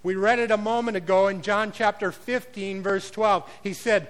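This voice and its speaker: A pastor delivers a sermon in a high-pitched voice, pressing his points with force. He rises to loud declarations, then drops to quiet, conversational asides. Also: fairly even intonation, moderate pace, few pauses, rough recording. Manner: emphatic preaching that swings between loud declarations and quiet asides.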